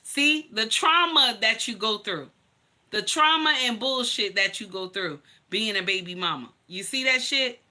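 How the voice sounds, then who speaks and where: A woman's voice: on the high side, lively intonation, unhurried, bright, forceful tone. A woman hosting a livestream and telling her own story to viewers, blunt, emphatic and profane, calling her listeners honey. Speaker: livestream host.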